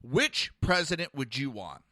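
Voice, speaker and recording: A man's voice: sits high, very animated, unhurried, pushed and bright, no room sound, studio quality. A man hosting a podcast, delivering an aggressive, profane, mocking political rant. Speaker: podcast host.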